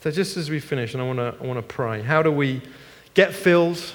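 Middle-aged man, pastor's sermon, hushed to lively, long hall echo. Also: medium pitch, a little fast. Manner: animated storytelling with laughs and shifts from hushed to loud.

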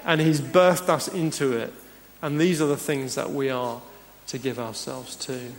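A man with a medium-pitched, steady voice preaches a sermon as pastor at a measured pace, earnest and emphatic, now and then chuckling between points. He is in a church hall, and the recording carries the hall's long reverb.

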